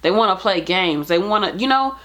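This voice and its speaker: A nurse talking straight to camera, earnest and pleading in plain casual speech. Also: female voice, medium pitch, lively intonation, brisk, bright, forceful tone. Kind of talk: heartfelt direct-to-camera talk.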